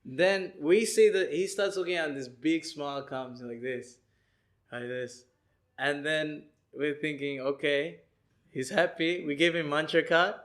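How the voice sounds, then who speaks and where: A man giving a lecture, telling an animated story and acting out the people in it. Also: a little high, a little slow. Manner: animated, acts out people he describes and sings chants.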